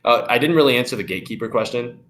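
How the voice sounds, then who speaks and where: A man's voice: medium pitch, animated, racing, a bit bright. A young man giving loose, profane sales advice on a live call, acting out phone calls. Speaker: sales expert guest.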